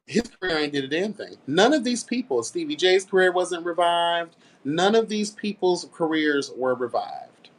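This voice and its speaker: A man's voice: fairly high pitch, sing-song, normal speed. A man hosting a casual commentary rant, sassy and blunt, swearing freely and stressing his points. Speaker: commentary host.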